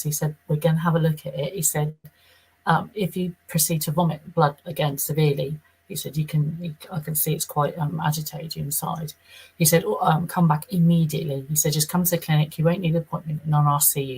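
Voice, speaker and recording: A woman's voice: low-pitched, darkish tone, slightly rough, rough recording. A middle-aged woman from southern England with an English accent, telling a personal story in an interview, rambling and acting out the quoted speech. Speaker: interview guest.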